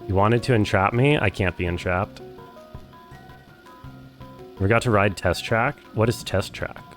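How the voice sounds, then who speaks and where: A man streaming a game, chatting casually and reading chat aloud in a rambling, deadpan, self-deprecating way. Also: lowish voice, unhurried, faint music behind. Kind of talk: casual live-stream chat while playing.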